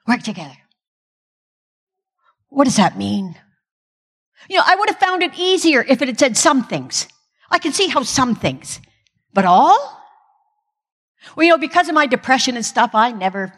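A woman's voice: sits high, slightly rough, big-room sound. An older woman giving a humorous, self-deprecating Christian talk from a stage with comic timing. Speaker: Christian speaker. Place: stage in a large hall.

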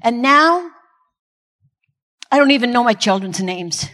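An older woman speaks to a gathering with a self-deprecating, comic delivery. She has a slightly high voice. The sound carries a long reverb from a large hall. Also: lively intonation, unhurried, pushed and bright. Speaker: Christian speaker. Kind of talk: humorous inspirational talk.

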